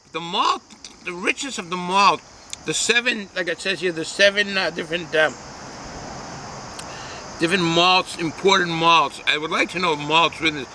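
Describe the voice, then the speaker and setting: A man's voice: high-pitched, moderate pace, pushed and bright, slight background noise, low-quality recording. A man giving a casual, folksy beer review outdoors, rambling with lots of hesitations.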